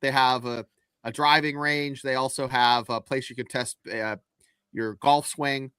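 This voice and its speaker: A man's voice: medium pitch, steady tone, a little slow, sharp tone, clear, resonant tone, no room sound. A man from the US, a podcast host explaining things with dry jokes in casual chat. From United States.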